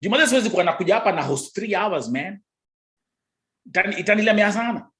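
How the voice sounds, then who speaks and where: A man's voice: high voice, expressive, fast, a bit bright. A man with a Kenyan accent hosting a live stream, chatting casually and teasing his viewers. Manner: teasing, playful, bantering.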